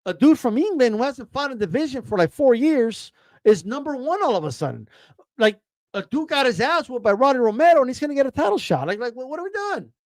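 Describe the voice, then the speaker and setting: High-pitched male streamer from Texas, profane heated rant, full of restarts and mock quotes, dry untreated sound. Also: very animated, brisk, darkish tone, no room sound. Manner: mocks others in quoted voices. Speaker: boxing commentator. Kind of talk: casual livestream rant.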